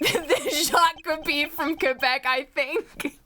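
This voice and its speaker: A woman streaming a game, giggly and excitable in casual banter with friends. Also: high-pitched, slow pace.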